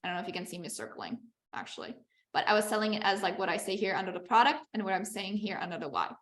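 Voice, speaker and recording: A woman's voice: mid-range voice, expressive, quick pace, a bit bright, echoey room. A woman business coach teaching a live online masterclass over a video call. She talks in a chatty, encouraging way, often checking in with "okay?".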